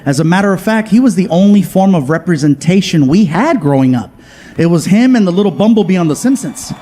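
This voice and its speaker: Animated stand-up comedian, high voice. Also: male voice, a little hiss or hum. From Southern California. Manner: animated, acts out family and friends in quick voice switches. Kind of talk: stand-up storytelling. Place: comedy stage before a live audience.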